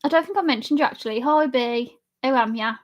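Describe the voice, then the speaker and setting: A young woman live streamer with a high voice talks fast and casually with her chat, laughing often while drinking alcohol.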